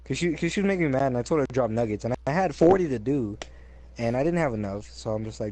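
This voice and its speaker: A young man chatting casually, telling stories with lots of repeated words and loud acted-out quotes. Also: medium pitch, fast. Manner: animated storyteller, repeats words, acts out quotes loudly. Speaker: co-host telling work stories. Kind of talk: casual chat.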